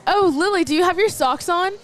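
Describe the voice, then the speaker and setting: High-voiced chatty Texan teen girl. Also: brisk, faint music behind, some chatter behind. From Texas. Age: teens. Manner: chatty, rambling storytelling with giggles. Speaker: livestream co-host. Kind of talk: casual live commentary chat.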